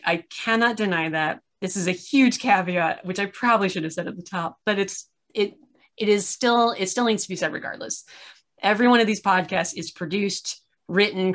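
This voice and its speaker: A woman's voice: on the low side, fairly bright tone. A tired woman hosting a casual chat from her room at home, full of fillers and rambling asides, on a video call. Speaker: podcast host. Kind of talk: casual discussion.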